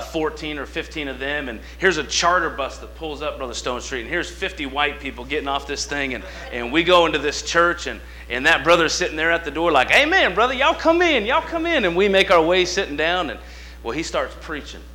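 Bright-voiced folksy preacher man. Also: a little high, fairly quick. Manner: folksy, animated, swings between quiet asides and loud emphatic lines. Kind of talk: sermon with storytelling.

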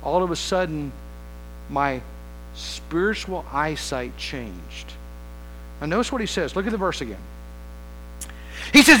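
A man's voice: extremely high pitch, animated, moderate pace, pauses often, bright, forceful tone, low-quality recording. A man preaching a sermon as pastor, talking conversationally, asking the congregation rhetorical questions and mixing in playful humor.

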